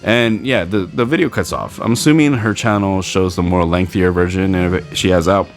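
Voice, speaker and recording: Guy with a lowish voice rambling on his podcast, bits of music under him. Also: moderate pace. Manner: animated storytelling, acts out quoted people in raised voices. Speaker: podcast host. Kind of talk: casual solo podcast chat.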